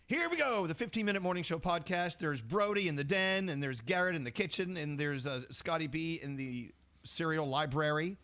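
A man hosts a morning radio show from home over a video call. His voice is bright and sits a little high, and it swings widely as he teases the crew with quick jokes. The sound is dry and close. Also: lively intonation, no echo. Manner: teasing, quick to joke. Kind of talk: playful banter on a video call.

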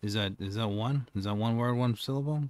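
A young man playing a police officer in an online game role-play, talking calmly and coaxingly with dry jokes. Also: medium pitch, a little fast, clear, resonant tone, no echo. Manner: calm, coaxing, dryly joking.

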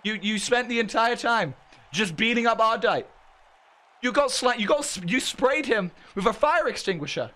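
A man with a hoarse, worn-out voice hosts a live stream. He calls the action loudly and excitably. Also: very high voice, moderate pace. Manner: excitable, shouts play-by-play. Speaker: streamer and event host.

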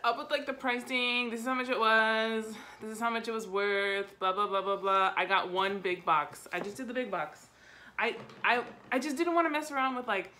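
A young woman chatting excitedly at home as she unboxes makeup, gasping and giggling as she goes. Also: mid-range voice, slight background noise. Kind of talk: excited casual unboxing chat. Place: home room.

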